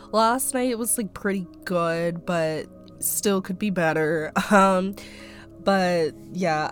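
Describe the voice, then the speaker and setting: A young woman hosting her own podcast, rambling casually with lots of fillers while still a bit stuffy-nosed from a cold. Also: fairly low pitch. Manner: rambling, chatty, many fillers like "um" and "like". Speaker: podcast host. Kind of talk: casual personal podcast monologue.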